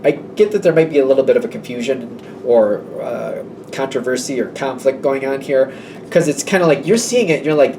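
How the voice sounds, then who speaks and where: A man's voice: mid-range voice, fairly quick, recorded from a distance, background noise. A man giving a casual, rambling tarot reading, acting out little exchanges between people as he talks. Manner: chatty, rambling, acts out quoted exchanges. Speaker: tarot reader.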